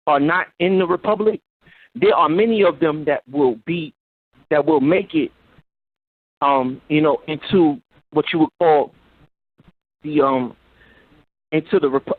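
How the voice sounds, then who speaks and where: A man calling in to a show, earnest and pleading, halting with fillers as he speaks. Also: sits high, no room sound. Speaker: caller. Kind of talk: call-in phone talk. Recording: tinny phone line.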